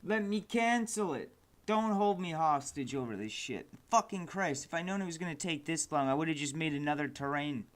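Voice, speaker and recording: A man with a somewhat high voice talks to viewers of his livestream while building a game at his computer. He is exasperated, cursing and muttering at the software, and keyboard clicks sound behind him. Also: animated, moderate pace. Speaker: game developer streamer. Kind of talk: frustrated livestream commentary.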